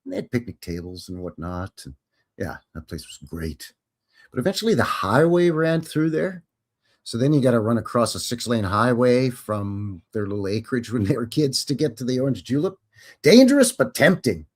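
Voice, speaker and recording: A man's voice: mid-range voice, lively intonation, normal speed. A man hosting a casual live stream, rambling in a folksy way and chuckling as he answers viewers' questions.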